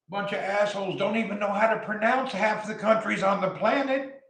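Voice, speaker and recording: A man from the American South with a Southern accent, delivering a blunt, heated opinion rant as a vlogger and often shouting. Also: very high voice, echoey room, distant mic, low-quality recording.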